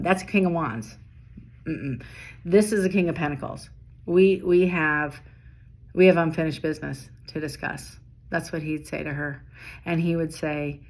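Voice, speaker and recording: Low-voiced rapid-fire woman reading tarot. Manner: rapid-fire, stops and restarts mid-sentence. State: tired, late at night. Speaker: tarot reader.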